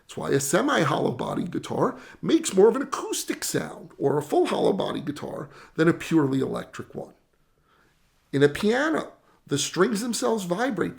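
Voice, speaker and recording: A man explaining sound science in an animated lesson, his pitch bouncing widely. His voice sits a bit high with a gravelly fry, and he breaks in with self-mocking dad jokes. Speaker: tech educator.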